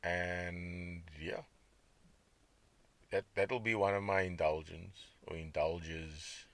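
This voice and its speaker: A man's voice: low-pitched, steady tone, takes it slowly, dry recording. A man hosting his own podcast, talking in a rambling, conversational way and reacting to chat comments. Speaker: podcast host. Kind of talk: casual diet podcast monologue.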